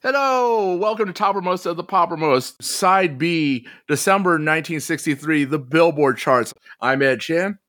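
A man's voice: on the high side, normal speed, few pauses, a bit bright. A man hosting a music podcast, introducing the episode and chatting about songs. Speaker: podcast host. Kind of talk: casual music chat.

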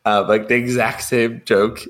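A man's voice: mid-range voice, flat delivery, measured pace, a bit bright. A young man co-hosting a podcast, chatting casually about a film with many ums and restarts, acting out lines. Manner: rambling, lots of ums, acts out film lines in a raised voice. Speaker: podcast co-host.

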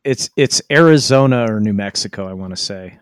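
A man co-hosting a casual movie podcast, hesitant and unsure, trailing off softly. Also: fairly low pitch, lively intonation, a little fast, clean tone, dry recording, studio quality. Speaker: podcast co-host. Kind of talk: casual movie review chat.

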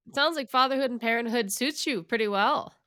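Female host, friendly and lively, bright voice, dry close mic. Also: on the high side, brisk, no echo. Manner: friendly, lively questions, laughs along. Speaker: podcast host. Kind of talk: casual interview chat.

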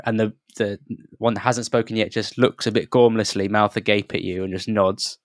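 A man's voice: on the low side, level tone, moderate pace, few pauses, no echo, clean studio sound. A man narrating a tabletop game as game master, descriptive and full of restarts. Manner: descriptive, hesitant, many restarts.

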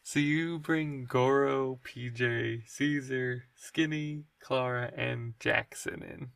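A game master running a tabletop role-play podcast who keeps the scene moving with relaxed questions to the players. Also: mid-range voice, slow, creaky, no echo.

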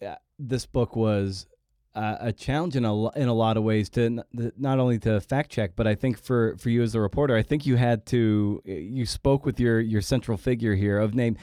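A man hosting a podcast, asking long, halting questions full of fillers. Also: mid-range voice, warm tone, no echo, studio quality. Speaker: podcast host. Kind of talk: interview questions.

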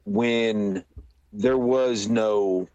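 Male podcast co-host, slow-paced, meandering casual talker, dead-dry close mic. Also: lowish voice, steady tone, a little mellow, dry recording, highs cut off. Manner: rambling, slow and halting, with restarts. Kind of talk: casual chat.

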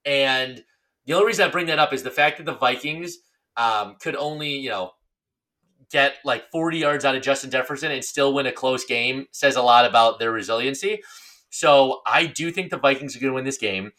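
Young man, bright voice, casual sports podcast chat, relaxed and rambling. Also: mid-range voice, normal speed. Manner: relaxed, chatty, slightly rambling. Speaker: podcast co-host.

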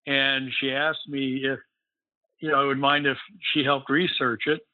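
A man's voice: mid-range voice, flat delivery, measured pace, dry recording. A man, a guest, casually telling a long story in a rambling way, filled with "you know.". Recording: phone-like line, dry.

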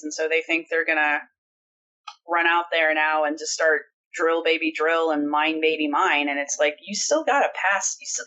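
A woman with a bright, forceful voice talks through the issue in a casual podcast chat. She is blunt and opinionated, with a sarcastic edge, and her pitch sits a little low. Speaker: podcast co-host. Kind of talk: casual political discussion.

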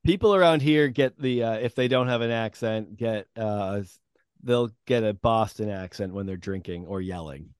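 Wry man with a smooth, clear voice. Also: lowish voice, normal speed, no echo. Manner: dry, wry humor with hesitant fillers. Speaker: podcast host. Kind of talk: casual podcast chat.

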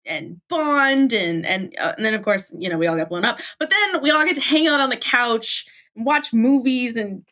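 A woman's voice: a little high, animated, moderate pace, few pauses, sharp tone. Gushing woman in casual chat. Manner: gushing, emphatic, laughs often. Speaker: podcast co-host. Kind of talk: casual book discussion.

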